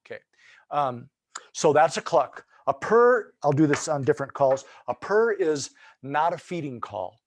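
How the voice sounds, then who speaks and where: A man's voice: on the high side, lively intonation, moderate pace, no echo. A man giving a webinar lesson on turkey hunting, explaining calls in a folksy, loose way with many restarts.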